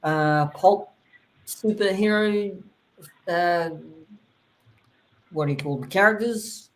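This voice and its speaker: A man's voice: high voice, slow pace, a bit bright. A man with a New Zealand accent, co-hosting a casual chat show and talking with many hesitations and restarts. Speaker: podcast co-host.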